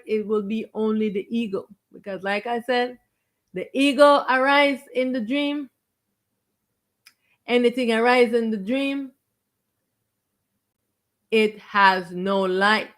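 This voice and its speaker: A woman spiritual teacher preaches to her stream audience in a raised, fairly high voice. She is confrontational and insistent, hammering points through repetition and slowing down to stretch the key words. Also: steady tone. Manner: emphatic and confrontational, stretching stressed words and repeating phrases. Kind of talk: preaching to viewers on a live stream.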